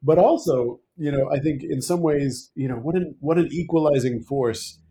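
A man's voice: a little high, normal speed, warm tone, a little hiss or hum. A man hosting a casual conversation, joking with playful asides. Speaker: podcast host.

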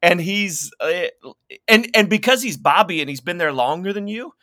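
A man in casual conversation, telling stories with animated energy and slipping into playful impressions. His voice is bright and forceful, recorded dry and close with no room sound. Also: high-pitched, moderate pace, no echo.

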